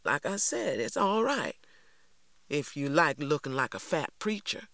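A man's voice: fairly high pitch, big pitch swings, measured pace, pushed and bright, dry recording, exaggerated voice. A sly, sneering boy drawls his put-downs in a raised voice, as a man puts him on in a storybook reading. The sound is dry and close.

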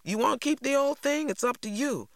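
A man's voice: no echo, studio quality. A man voicing a sly, mocking boy who taunts. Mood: needling. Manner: taunting, quick, high and wheedling.

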